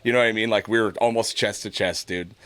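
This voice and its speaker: A middle-aged man on a podcast, telling a profane, animated story about his kids in a casual chat. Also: fairly low pitch, fast talker, smooth. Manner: profane, storytelling, animated when quoting others. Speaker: podcast host.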